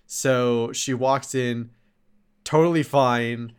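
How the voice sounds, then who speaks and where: A laid-back man talking casually on a podcast, his voice smooth and clear. He recounts scenes with an easy, amused tone and laughs easily. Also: mid-range voice, very slow, pauses often. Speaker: podcast co-host. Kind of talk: casual chat reviewing a show.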